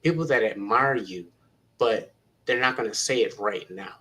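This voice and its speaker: A man's voice: fairly low pitch, moderate pace, a bit bright, poor audio. A man who is a teacher, earnestly encouraging young people in a panel talk and retelling conversations with students.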